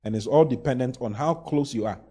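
A man's voice: medium pitch, fairly quick, warm tone. A man preaching a sermon, pushing key lines with emphatic, rising exclamations and playful mock voices. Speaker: pastor.

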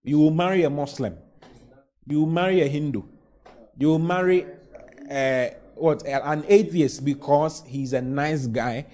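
Man, pastor, sermon, slightly high voice, emphatic and rising. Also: measured pace, mellow. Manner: preaching with emphatic, rising exclamations and mock voices.

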